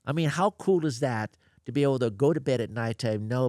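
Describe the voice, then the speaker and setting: A man's voice: mid-range voice, a little fast, hardly any pauses, no echo, clean studio sound. An older man, a guest on an interview podcast, telling stories bluntly and acting out both sides of conversations. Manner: blunt, animated, quotes others in dialogue. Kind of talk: casual interview storytelling.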